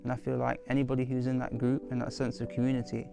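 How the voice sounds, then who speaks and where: A man's voice: medium pitch, completely flat delivery, fast talker, creaky. A young man narrating a reflective vlog voice-over about building his business, earnest and self-critical. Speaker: aspiring marketing agency owner. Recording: music bed under voice.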